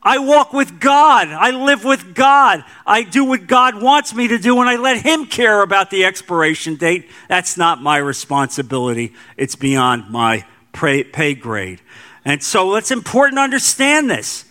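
Middle-aged male pastor, high-pitched and emphatic, preaching with slow stressed repetitions. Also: expressive, pushed and bright. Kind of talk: sermon.

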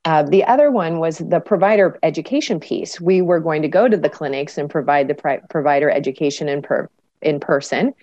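A woman's voice: sits low, brisk, darkish tone, dull audio. A woman researcher answering interview questions in an explanatory way, with frequent fillers. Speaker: cancer researcher guest.

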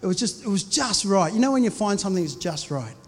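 A pastor in his forties preaches a sermon, telling stories in a conversational way and often restarting his sentences. His voice sits high for a man, and the sound rings with a long hall reverb. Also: very animated, quick pace, slightly rough. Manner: conversational storytelling with many restarts.

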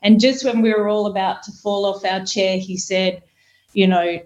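A woman guest telling a casual workplace story in a relaxed, chatty way. Her voice sits at a middle pitch. The audio is somewhat dull and lo-fi. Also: moderate pace. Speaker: panel guest, solution consultant.

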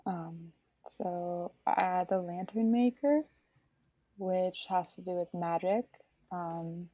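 A young woman describing scenes as a player in a tabletop game, in a halting way with many fillers. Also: lowish voice, mellow, no room sound, lo-fi sound.

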